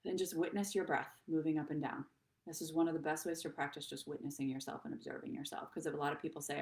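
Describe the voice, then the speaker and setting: Female host with a low voice, earnest and encouraging, speaks to camera for a live online show. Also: steady tone, fast. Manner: earnest, encouraging, addresses viewers directly. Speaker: host and therapist.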